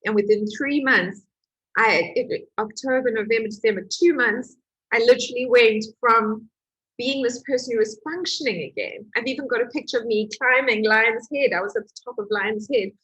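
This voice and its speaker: Breathy woman telling a personal story. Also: on the high side, moderate pace, low-quality recording. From Portugal. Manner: emotional, animated storytelling with laughs. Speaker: healing coach. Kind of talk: personal testimony to camera.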